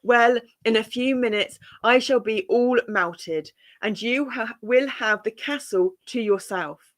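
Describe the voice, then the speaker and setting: A woman's voice: fairly high pitch, takes it slowly. A woman voicing a spiteful, cunning old witch in a storybook read-aloud, her talk turning wailing and despairing.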